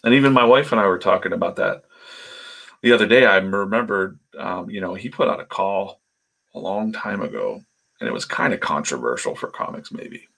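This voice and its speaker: While working on his drawings, a male comic artist tells loose, chatty stories that often fade into mumbling. He speaks a little fast and animatedly, with a low, gravelly voice that still has a fairly bright tone.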